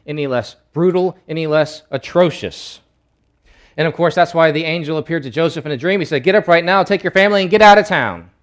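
Guy preaching a sermon, punchy, gets loud then drops low, does voices for the quotes. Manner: emphatic, swings from loud bursts to low asides.

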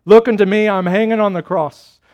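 An earnest lay preacher, put on by a male pastor mid-sermon pleads and urges in a high voice. He leans hard on each repeated word and grows loud and insistent. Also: steady tone, fairly quick, natural voice. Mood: pleading. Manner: pleading, emphatic, rising louder.

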